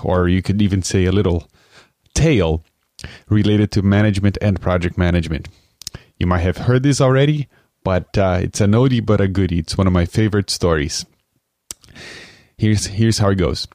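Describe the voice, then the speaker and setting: A male podcast host casually introduces a story. His voice is on the low side, and he restarts his phrases a little. The sound is dry and close. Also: darkish tone, no echo. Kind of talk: telling a story.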